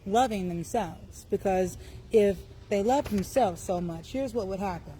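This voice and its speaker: Standing outdoors beside her car, a woman hosts a casual livestream, chatting animatedly with viewers over a phone and laughing often. Her voice is mid-range and her pace a little slow, with a slight hiss or hum in the audio.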